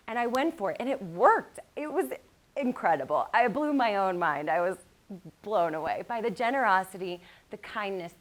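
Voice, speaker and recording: A motivational speaker with a medium-pitched voice gives a keynote to college students. She blends lively storytelling with calm passages of guided meditation.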